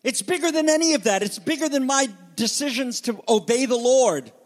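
A man preaching a sermon as pastor, swinging between loud emphatic peaks and hushed, quiet lows. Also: lively intonation, moderate pace. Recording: hall reverb.

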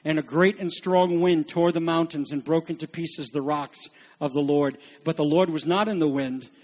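A male preacher with a fairly high voice delivers his sermon with dramatic emphasis. He swings between pressing, loud exhortation and hushed, intimate moments. His speech has the rhythm of a pulpit message. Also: steady tone, moderate pace.

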